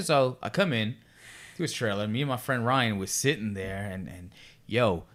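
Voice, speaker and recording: A man in his forties, of Puerto Rican heritage, telling a story in casual chat, profane and animated. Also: mid-range voice, normal speed. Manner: profane, animated, lots of restarts. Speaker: podcast guest.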